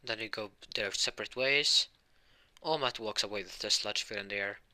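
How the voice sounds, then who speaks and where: A man with a fairly low, sharp-toned voice speaks at normal speed, casually retelling a made-up fan story about cartoon heroes. He rambles, fills the talk with fillers, and keeps correcting himself as he goes.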